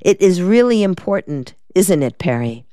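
A woman reading the part of a quick-witted, sassy young female secretary in an audiobook, with a wry drawl. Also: lowish voice, sing-song, dark tone, dry recording, clean studio sound.

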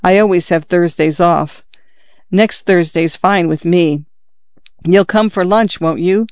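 A woman's voice: lowish voice, slow, darkish tone, no room sound. A man voicing a grieving young housekeeper who pleads tearfully and emotionally, in a dull lo-fi recording. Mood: coaxing.

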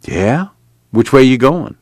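A man's voice: medium pitch, expressive, slow, no echo, clean studio sound, pitched above the performer's own voice. A man voicing an easygoing country working man with plain, drawling talk.

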